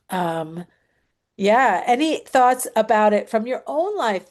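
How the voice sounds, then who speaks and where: A woman's voice: fairly low pitch, darkish tone. A woman hosting a casual discussion, speaking reflectively and often affirming the others. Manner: reflective, therapist-like, frequent affirmations. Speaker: host of a show reaction chat.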